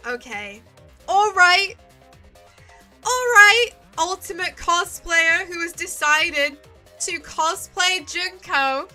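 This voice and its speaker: A woman's voice: very high voice, bright, forceful tone. A woman streamer giving live commentary on a story game, ranting in exasperation, swearing and pleading at the screen. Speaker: streamer playing a visual novel. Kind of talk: live let's-play commentary.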